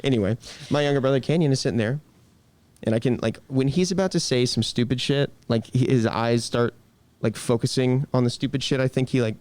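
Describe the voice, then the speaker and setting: A man's voice: mid-range voice, a little fast, darkish tone, dry recording. A man, a guest on a podcast, telling a story in a casual, joking, self-deprecating way.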